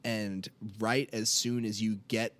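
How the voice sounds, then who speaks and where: Bright-voiced man running a tabletop game. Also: lowish voice, flat delivery. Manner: quick, matter-of-fact rules reading. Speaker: game master.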